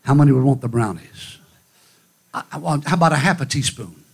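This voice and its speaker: A man's voice: mid-range voice, animated, a little fast, breathy edge. A man preaching a fiery revival sermon at a church conference, with emphatic, rhythmic repetition. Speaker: guest preacher.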